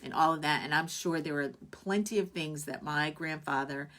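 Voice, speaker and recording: Woman host, low voice, casual live chat, heartfelt and rambling, full of fillers. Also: moderate pace. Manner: warm, heartfelt, rambling with many fillers and restarts. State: tearful at moments. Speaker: host of a live online show. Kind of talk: casual live-stream chat reading viewer comments.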